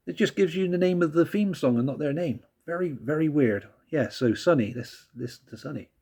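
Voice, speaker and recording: A man's voice: fairly high pitch, brisk, warm tone, slightly rough. A man casually reviewing music tracks, laid-back and rambling, who laughs often and swears casually.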